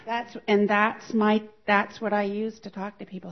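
A woman stands before her church and shares a personal testimony, moving freely through her story and putting on the voices of the people she quotes. Her voice sits at an ordinary pitch for a woman. The recording is dull and lo-fi. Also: flat delivery, unhurried. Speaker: church member sharing a testimony.

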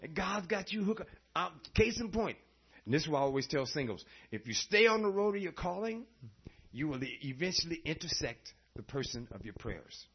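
A man preaching a sermon, telling stories in an animated way and laughing often. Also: fairly high pitch, a little fast, slightly rough. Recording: dull lo-fi recording.

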